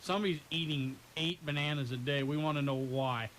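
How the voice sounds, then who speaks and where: A man's voice: fairly high pitch, a little fast, a bit bright, a little hiss or hum, low-quality recording. A man who broadcasts local baseball games, sharing anecdotes in a casual radio chat. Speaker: game broadcaster.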